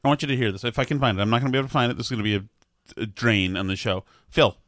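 A man's voice: medium pitch, racing, fairly bright tone, dry recording, clean studio sound. A man hosting a casual talk show, grumbling and sardonic, with mock outrage. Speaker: radio show host.

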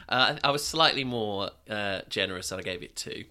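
Bright, lively man co-hosting. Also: fairly low pitch, moderate pace. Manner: dry, mocking, laughs often. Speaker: podcast co-host. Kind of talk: casual comedic chat about songs.

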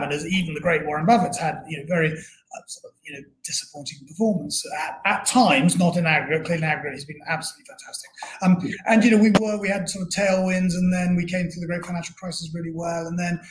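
A man's voice: a little high, quick pace, a little hiss or hum. A middle-aged man from England, a guest telling career stories in a rambling, self-deprecating way with many restarts. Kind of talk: casual storytelling interview.

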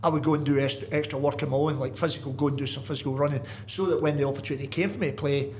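A middle-aged man rattles through a story at a quick clip in a slightly raised voice. He keeps restarting and dropping in asides as a guest in casual chat. Faint room ambience sits behind him. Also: fairly high pitch, steady tone, slight background noise. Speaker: guest, football manager.

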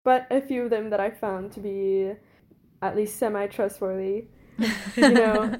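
A woman's voice: mid-range voice, fairly even intonation, unhurried, a little mellow. A young woman in college telling a story in casual chat, rambling and giggly with lots of fillers. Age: young adult.

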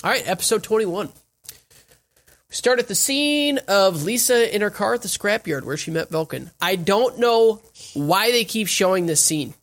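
A man's voice: sits high, animated, normal speed, a bit bright. A man hosting a casual podcast, recapping episodes with crude, laid-back jokes.

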